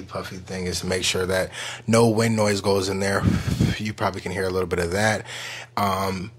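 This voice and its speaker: Low husky-voiced man hosting a vlog. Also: a bit bright. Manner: playful, rambling, enthusiastic. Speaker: vlog host. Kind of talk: casual vlog talk to camera. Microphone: wireless clip-on mic.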